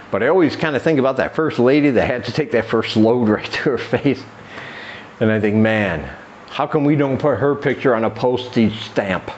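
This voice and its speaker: A man's voice: darkish tone, muffled recording, slight background noise. A man hosting a comedy podcast, rambling through a crude monologue and acting out quoted voices. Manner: rambling, acts out quoted voices in a raised pitch. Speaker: podcast host.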